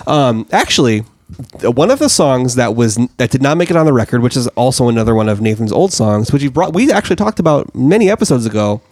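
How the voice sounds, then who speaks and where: A man's voice: medium pitch, big pitch swings, fast, darkish tone, no echo. A man from Alaska co-hosting a casual podcast chat, rambling and swearing, with lots of fillers and restarts. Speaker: podcast co-host, songwriter.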